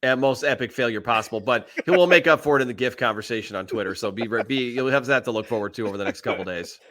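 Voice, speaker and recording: A man's voice: medium pitch, a bit bright. A man who is a guest on a podcast, chatting casually and promoting other shows. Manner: fast, upbeat promoter.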